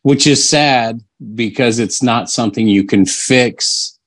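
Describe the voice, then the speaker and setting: A man in casual conversation, responding in a measured way. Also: medium pitch. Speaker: listener in conversation. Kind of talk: casual chat.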